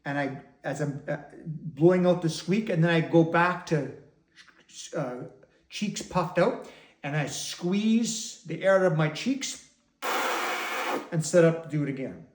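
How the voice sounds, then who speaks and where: Male didgeridoo teacher, slightly high voice, patient and methodical, roomy echo. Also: unhurried. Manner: patient, step-by-step explaining. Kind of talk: instructional demonstration.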